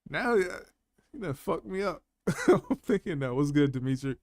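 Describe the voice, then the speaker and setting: A man's voice: on the high side, sing-song, moderate pace, darkish tone, no room sound. A man hosting a casual live panel chat, laughing often and talking in loose, slangy banter. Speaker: panel host.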